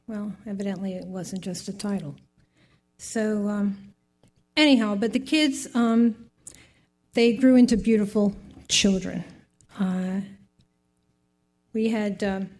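An older woman giving a heartfelt personal faith testimony, rambling through her story with many asides. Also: on the high side.

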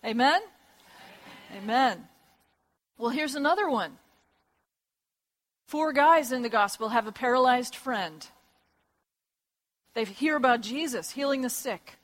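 A woman preaching a sermon, telling gospel stories in a lively way and acting out the voices of the people in them. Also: a little high, slow pace, long pauses. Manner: lively storytelling with acted voices and laughs.

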